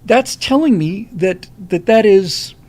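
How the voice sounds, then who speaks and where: A man's voice: high-pitched, animated, takes it slowly, a little mellow. A man hosting a live stream, giving a rambling monologue of political commentary with lots of fillers and restarts.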